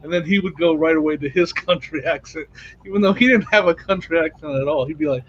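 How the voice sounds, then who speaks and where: A man's voice: sits high, fast, a bit bright, a little hiss or hum. Reseller co-host, man, chatty storyteller on a muffled stream mic. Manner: storytelling, laughs mid-sentence. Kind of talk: casual chat.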